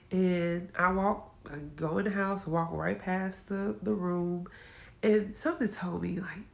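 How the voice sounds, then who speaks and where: A woman telling her own story in a casual vlog, emotional and animated, acting out the quotes. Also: fairly low pitch, measured pace, vocal fry. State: upset.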